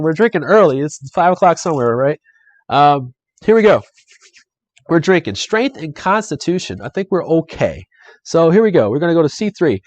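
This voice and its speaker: Man, young adult, board game live stream, upbeat chatty talk, somewhat high voice, dry close recording. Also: very animated, normal speed, no echo, lo-fi sound. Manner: upbeat, chatty, talks to viewers. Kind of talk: casual live-stream playthrough commentary.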